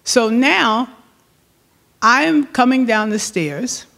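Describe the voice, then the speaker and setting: A woman's voice: fairly high pitch, expressive, gravelly, pushed and bright. A middle-aged woman telling a personal anecdote in a rambling way, laughing often along the way. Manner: slow, rambling delivery with fillers.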